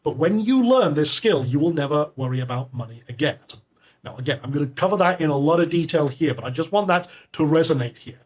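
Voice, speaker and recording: A man's voice: a little high, expressive, fast talker. Upbeat man hosting a sales webinar. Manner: upbeat, salesy, talks to live chat. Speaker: webinar host. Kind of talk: live sales webinar presentation.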